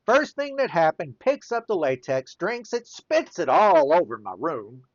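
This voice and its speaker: A man spins a casual anecdote while he works on a drawing, chuckling as he goes. He talks slowly, and his pitch leaps high and drops low. The sound is dry and a bit dull, like a muffled home recording. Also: no echo. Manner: chuckles often, lively rise and fall. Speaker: artist and storyteller.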